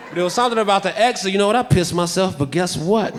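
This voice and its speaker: A man's voice: sits high, very fast, a faint crowd. A man comedian telling a stand-up story in a dry, understated way.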